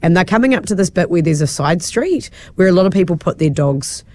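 Animated New woman radio host. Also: fairly low pitch, brisk, slight background noise. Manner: storytelling, animated, acts out quotes. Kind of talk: casual radio chat. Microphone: studio mic.

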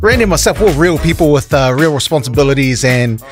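A man's voice: a little high, lively intonation, fast talker, music in the background. A man co-hosting a radio show, talking in loose, joking banter. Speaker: radio co-host.

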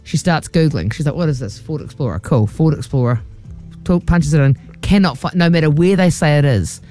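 A woman's voice: low voice, lively intonation, fairly quick, warm tone, soft background music. A woman, co-hosting a radio show and telling a story with acted-out quotes. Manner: chatty storyteller, acts out quotes. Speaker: radio co-host. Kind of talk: casual radio chat.

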